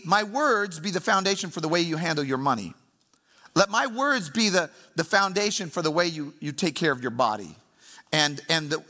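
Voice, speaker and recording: A man from St. Louis preaching a sermon to a congregation, telling stories emphatically and asking the room questions. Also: on the high side. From St. Louis, Missouri. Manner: animated, emphatic storytelling with congregation asides. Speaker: pastor. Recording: long hall reverb.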